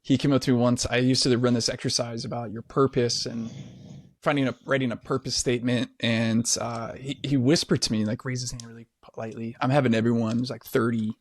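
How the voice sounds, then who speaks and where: A man co-hosting a podcast, telling stories in a relaxed, animated conversational way. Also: medium pitch, brisk, no room sound. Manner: animated storyteller. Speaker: podcast co-host. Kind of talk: casual conversation.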